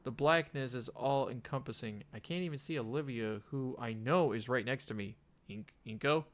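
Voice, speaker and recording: A man's voice: medium pitch, moderate pace. A young man casually reading a visual novel aloud, often stumbling and rereading lines. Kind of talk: let's play narration, reading game text.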